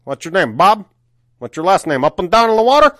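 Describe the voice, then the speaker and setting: A man doing an impression of a brash, oblivious coworker who talks like a loud lounge singer, in a nasal, sing-song voice. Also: high-pitched, very animated, a little fast, no room sound, clean studio sound, voice pushed up.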